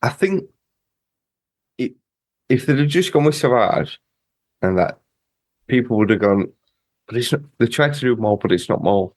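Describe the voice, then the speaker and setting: A man's voice: mid-range voice, expressive, normal speed, long pauses, no room sound. A man co-hosting a podcast, chatting casually and thinking aloud with hesitant phrasing. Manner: thoughtful, hesitant, builds ideas aloud. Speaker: podcast co-host. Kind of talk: casual chat.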